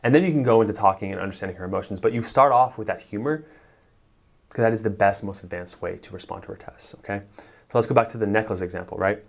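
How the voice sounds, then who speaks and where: Gravelly low-voiced man coaching. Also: fast. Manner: coaching, emphatic, acts out sample dialogue. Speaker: relationship coach. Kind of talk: direct-to-camera advice talk.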